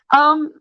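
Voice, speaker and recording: A woman's voice: bright, forceful tone, no echo, highs cut off. A woman from Australia with an Australian accent, chatting candidly as an interview guest, laughing often and swearing freely. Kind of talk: casual interview chat.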